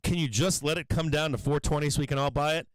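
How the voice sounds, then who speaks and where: A man's voice: fairly high pitch, steady tone, quick pace, no echo, lightly acted. A man playing a whiny hedge fund manager. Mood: pleading.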